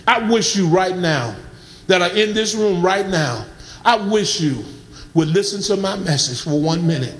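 A man preaching a sermon as pastor, building to shouts and calling on the congregation to respond. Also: high voice, moderate pace, roomy sound, in a large hall, poor audio. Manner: preaching with rising shouts and audience calls.

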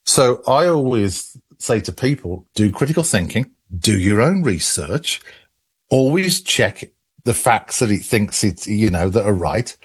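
A man's voice: on the low side, sing-song, unhurried, breathy edge. A man with an English accent, an expert guest on a call-in radio show, explaining at length with many restarts. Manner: rambling with many restarts and laughs.

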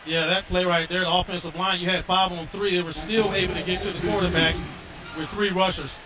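Fast-talking high-voiced football analyst. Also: male voice, steady tone, recorded from a distance, a loud crowd. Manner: casual, coach-like, speaks as part of the team. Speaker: color commentator.

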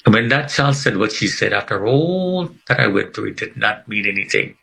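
A man's voice: fairly low pitch, lively intonation, normal speed, vocal fry, pushed and bright, low-quality recording. A middle-aged man telling his life story in conversation, earnest and emphatic, repeating phrases for weight. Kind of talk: personal testimony in conversation.

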